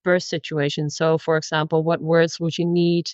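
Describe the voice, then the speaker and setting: A woman's voice: sits low, flat delivery, normal speed, darkish tone, no echo, lo-fi sound. A woman from the Netherlands with a Dutch accent, a language teacher chatting and explaining with frequent restarts in a podcast interview.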